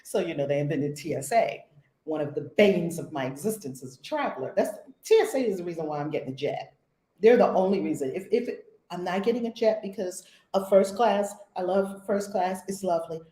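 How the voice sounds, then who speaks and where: A woman from the United States leading a spiritual community session, telling stories in an expressive, blunt, sometimes profane way. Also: on the low side, echoey room, rough recording. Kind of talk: animated storytelling talk.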